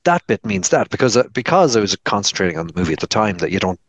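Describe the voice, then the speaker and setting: An Irish man with a fairly low voice chats about films on a podcast. He rambles and restarts a lot, slipping into little acted-out quotes of his own thoughts. The sound is dry and close, with no room echo. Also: very animated, fast talker. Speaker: film review podcast co-host. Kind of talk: casual film review chat.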